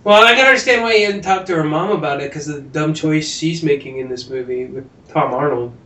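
A man's voice: a little high, a little fast, pushed and bright, slight background noise. A man co-hosting a podcast, chatting casually about a movie, reading trivia aloud and cracking jokes. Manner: chatty, reads trivia aloud, jokey asides. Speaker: podcast co-host. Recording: roomy echo.

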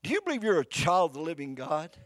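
An older man delivers a folksy, fervent sermon to a live congregation in church, talking very fast and animatedly. His fairly high voice swings widely in pitch, jumping between shouts and near whispers. The recording is close and dry, with little room echo.

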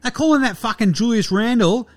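A man voicing a brash, boastful, foul-mouthed male Australian basketballer in a comedic character bit, loud and crude. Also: very high-pitched, expressive, fairly quick, voice pushed up.

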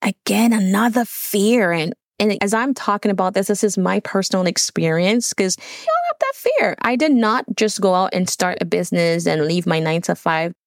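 A woman's voice: mid-range voice, lively intonation, moderate pace, hardly any pauses, no room sound, studio quality. A middle-aged woman with a Jamaican accent talks through prepared points on business money fears, often breaking off into personal asides. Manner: reads points then adds personal asides. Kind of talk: solo talk reading notes with asides.

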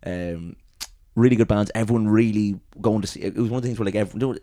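A young adult Irish man in casual chat, telling a story in a rambling, animated way and swearing freely. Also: lowish voice, fast talker, no echo, studio quality.

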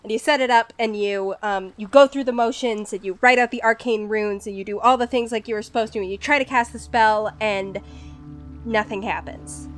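A woman's voice: a little high, fairly even intonation, normal speed, soft background music. A woman narrating a tabletop role-playing game as game master, describing scenes playfully.

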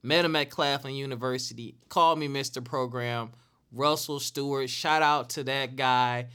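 A man's voice: medium pitch, steady tone, moderate pace, pushed and bright, smooth. A man in his late thirties hosting a casual solo talk show, earnest and repeating phrases for emphasis. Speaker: podcast host.

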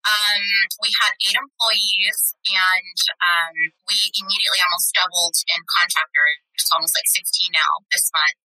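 A woman's voice: lowish voice, fairly even intonation, moderate pace, few pauses, sharp tone, no echo, faint music behind, rough recording. A young woman running a cleaning business, chatting earnestly as an interview guest, with many fillers and restarts. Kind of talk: casual interview chat.

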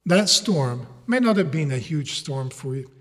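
Speaking a little slowly in a slightly high voice, a man delivers a sermon that fills a large hall. English is a second language he learned later, yet he uses it for animated storytelling, repeatedly asking his listeners rhetorical questions.

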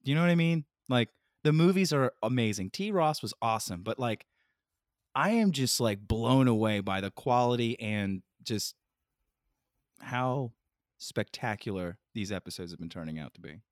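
A man in casual podcast chat, gushing with excitement and full of fillers. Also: mid-range voice, normal speed, no echo, studio quality.

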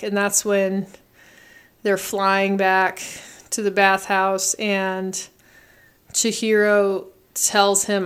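Smooth-voiced woman retelling a film. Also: medium pitch. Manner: animated retelling with acted quotes. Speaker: co-host recapping a film. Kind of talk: casual chat.

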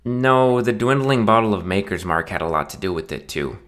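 Low male narrator, dry wry read, audiobook. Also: lively intonation, normal speed, a bit bright.

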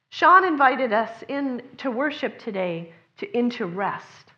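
Her voice a touch high and sharp, a woman preaches a sermon earnestly and conversationally, with lively intonation, a measured pace and few pauses. She sometimes takes on other people's voices to quote them. The audio sounds somewhat dull and lo-fi.

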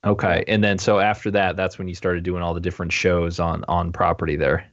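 A man's voice: low voice, flat delivery, dry recording. A man co-hosting a casual interview, asking follow-up questions. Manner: asks quick follow-up questions. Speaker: podcast co-host. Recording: dull, dry lo-fi sound.

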